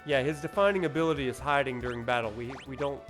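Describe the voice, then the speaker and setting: A man's voice: medium pitch, quick pace, fairly bright tone, soft background music. A man giving playful, joking commentary as he plays through a game. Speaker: game streamer. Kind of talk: let's play commentary.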